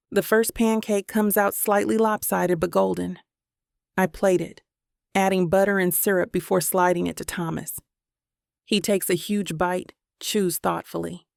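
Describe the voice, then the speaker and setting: A woman narrates a first-person romance audiobook in an intimate, even storytelling way. Her voice has a gravelly, fried edge at a middle pitch. The recording is dry and close, with no room sound at all. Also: a little slow, dry recording.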